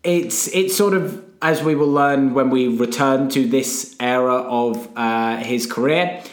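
A man's voice: medium pitch, a little slow, reverberant. A man co-hosting a podcast in casual chat, rambling and wry, often stopping to restart his thoughts. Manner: rambling, self-interrupting, wry. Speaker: podcast co-host.

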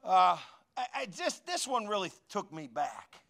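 High, bright-voiced joking preacher man. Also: measured pace, gravelly. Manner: animated, joking, talks to the congregation. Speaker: pastor. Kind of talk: sermon.

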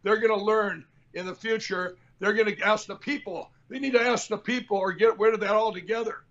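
A man's voice: high voice, steady tone, brisk, fairly bright tone, highs cut off. A man hosting a political talk show, rambling and combative, repeating himself as he talks. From Minnesota. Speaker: show host.

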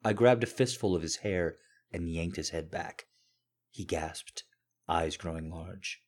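A man narrating a story in the first person with a very deep, husky voice. He takes his time with each line, unhurried and commanding, and keeps a low, steady delivery. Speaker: audiobook narrator.

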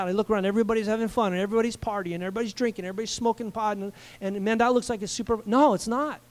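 Guy preaching to his church, high voice, chatty and lively, lots of asides, big hall echo. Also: fast, clear, resonant tone. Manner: conversational, animated preaching with asides and questions to the congregation. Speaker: pastor. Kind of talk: sermon. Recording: long reverb from a hall.

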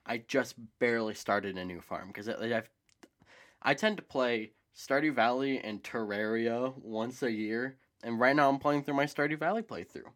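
Man, casual podcast chat, rambling, excitable, casual swearing. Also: mid-range voice, normal speed. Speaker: podcast co-host.

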